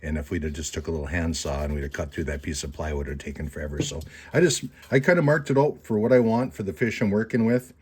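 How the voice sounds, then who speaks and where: A man's voice: low-pitched, fast talker, hardly any pauses, a little mellow, slightly rough. A man teaching taxidermy in a casual, rambling tutorial from his workshop, folksy and self-mocking. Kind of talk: casual how-to tutorial with jokes.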